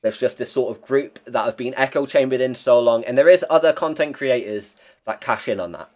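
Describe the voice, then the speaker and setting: Young bloke on a podcast, rambly, swears a lot, keeps restarting. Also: male voice, medium pitch, brisk, a little mellow. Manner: rambling, blunt, swears freely, many restarts. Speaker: podcast guest. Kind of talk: casual chat.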